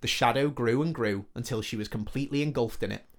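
A man's voice: medium pitch, fast. Man reading a comic fantasy story. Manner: joking, laughs between lines.

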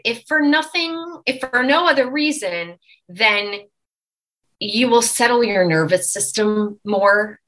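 A woman from Long Island, a dialect coach, giving animated, instructive explanations as a guest in a podcast interview. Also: fairly low pitch, rough recording. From Long Island, New York.

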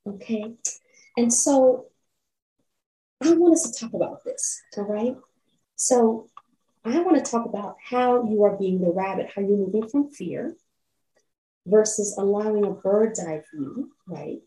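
A woman's voice: mid-range voice, a little slow, pauses often, dark tone, distant mic. A woman hosting a motivational self-help podcast, who keeps checking in with "right?" and invites listeners to lean in. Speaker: podcast host. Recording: roomy echo, off-mic.

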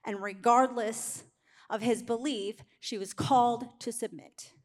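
A middle-aged woman preaching a sermon, telling a candid personal story in an animated way. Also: fairly high pitch, a little slow.

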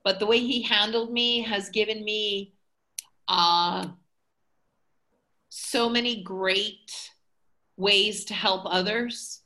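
A woman's voice: mid-range voice, fairly even intonation, slow, long pauses, pushed and bright. A woman being interviewed as a hair educator, talking casually and rambling with lots of fillers. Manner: chatty, rambling, many fillers.

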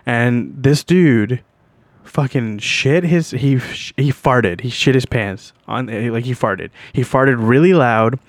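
A man's voice: mid-range voice, slow pace, no room sound. Young male podcast host, casual storyteller, crude and rambling, dry close sound. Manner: rambling, profane, laughs while telling.

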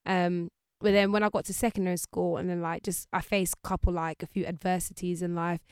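A woman's voice: fairly low pitch, a little fast, clear, resonant tone, dry recording, clean studio sound. A woman, a guest chatting casually in an interview and acting out the people she quotes. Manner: lively, acts out voices of people she quotes.

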